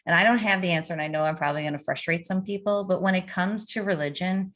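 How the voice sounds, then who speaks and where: Lively middle-aged woman telling stories. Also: on the low side, fast. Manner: animated, storytelling with anecdotes. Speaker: addiction coach. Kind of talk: conversational interview answers.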